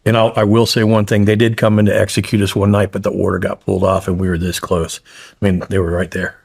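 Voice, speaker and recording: Middle-aged male guest, gravelly and husky, blunt and profane in his storytelling. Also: fairly low pitch, flat delivery, fast, darkish tone. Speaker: guest, former hostage. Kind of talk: podcast interview storytelling.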